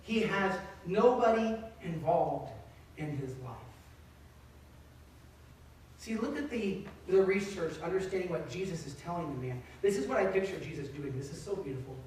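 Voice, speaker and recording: Animated man preaching in an echoey church. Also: sits high, moderate pace, a little hiss or hum. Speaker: pastor. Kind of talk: sermon. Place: church sanctuary. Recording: echoey sanctuary, distant mic.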